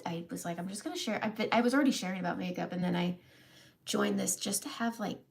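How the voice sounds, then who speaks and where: A woman's voice: lowish voice, fast talker. A woman in her thirties talking candidly on her live makeup vlog, emotional and close to tears, laughing through it. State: close to crying. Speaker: makeup seller and vlogger.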